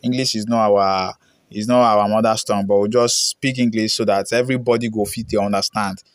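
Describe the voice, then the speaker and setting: A man's voice: fairly low pitch, fairly even intonation, brisk, no echo, clean studio sound. A young Ghanaian man with a Ghanaian accent hosting a casual reaction show, chatting and reading viewer comments aloud, slipping into pidgin. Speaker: reaction channel host.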